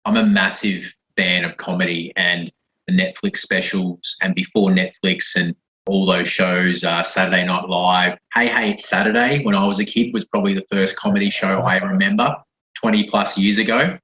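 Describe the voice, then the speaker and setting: Low-voiced host, roomy lo-fi sound. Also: male voice, steady tone, moderate pace, bright, forceful tone. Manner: rambling, thinks aloud with loose questions. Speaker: podcast host. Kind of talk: casual podcast interview.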